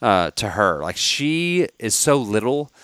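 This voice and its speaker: Man, podcast co-host, casual chat, smooth resonant voice, dry close sound, rambly with fillers. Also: fairly low pitch, very animated, fairly bright tone, no echo. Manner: rambling, halting with many fillers.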